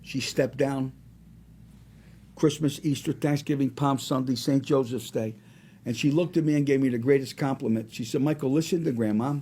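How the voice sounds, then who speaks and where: A man around seventy, a singer and restaurant owner, telling rambling, animated stories as a guest in a casual interview. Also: mid-range voice, moderate pace, breathy edge. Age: about 70.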